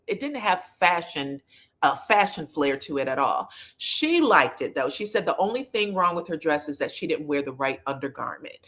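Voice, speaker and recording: A woman chatting casually as she recaps a reality TV episode, sassy and chatty, and she jumps into lively voices when she quotes people. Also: on the low side.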